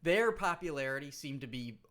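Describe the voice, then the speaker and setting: A man's voice: a little high, expressive, a little fast, bright, forceful tone. A man co-hosting a comedy podcast, rambling and trailing off mid-thought. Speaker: podcast co-host. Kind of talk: casual comedy podcast chat.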